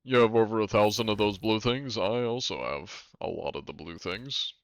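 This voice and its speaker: Deep-voiced laid-back male streamer. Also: normal speed, smooth, no echo. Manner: laid-back, wry, swears casually. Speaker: game streamer. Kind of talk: casual live-stream chat.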